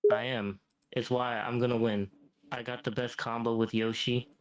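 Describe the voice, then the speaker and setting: Smug old devil guy , ai voice doing it, brags nonstop, says mate a lot, middle pitch. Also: level tone, normal speed, close to an everyday voice, rough recording. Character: smug male devil, ancient and boastful. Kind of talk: AI chatbot role-play.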